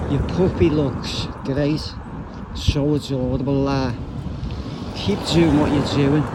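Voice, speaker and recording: A blunt, rambling man talks into his phone while strolling outside. His voice sits at an ordinary middle pitch, and clear traffic and street noise run behind him. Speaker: YouTuber. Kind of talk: casual vlog rant while walking. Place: outdoors on a street.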